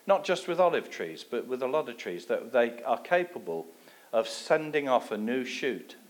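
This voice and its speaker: English guy preaching, personal testimony, lively storytelling, goes low and quiet on the asides. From England. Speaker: guest preacher.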